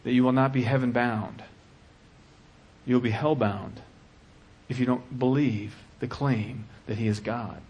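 A man preaching a sermon with passion, dropping to a hush and then rising to shouting. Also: medium pitch, steady tone, unhurried, husky, dull audio. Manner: impassioned, swings from hushed to shouting.

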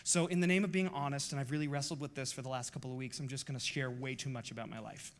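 A man's voice: medium pitch, steady tone, fast, noisy background. A pastor in his forties preaching a sermon in a passionate, confessional, emphatic way.

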